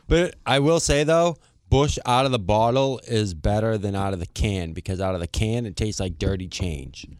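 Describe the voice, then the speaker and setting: Young co-host, easygoing banter, low voice, dry close mic. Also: male voice, moderate pace, no echo. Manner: laid-back banter, reads the show rundown. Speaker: podcast co-host. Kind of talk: casual chat.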